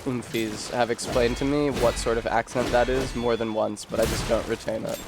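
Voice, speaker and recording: A man's voice: medium pitch, steady tone, normal speed, background noise. A man streaming a video game in casual chat, rambling and joking while he answers his chat. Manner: rambling, jokey, talks back to chat.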